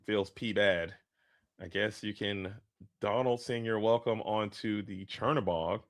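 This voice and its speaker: A man's voice: lowish voice, fairly even intonation, a little slow, no room sound, studio quality. A man casting a live card game match, talking through the plays at length, tired from a long day of travel. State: travel-fatigued. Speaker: esports caster.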